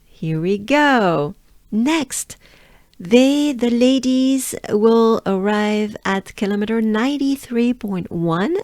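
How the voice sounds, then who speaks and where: A French woman with a French accent teaching pronunciation, drawing out syllables slowly and encouraging listeners to repeat after her. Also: on the high side, lively intonation, a little mellow, dry recording. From France. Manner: slow, drawn-out syllables repeated for practice. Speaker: pronunciation coach. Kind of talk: pronunciation lesson.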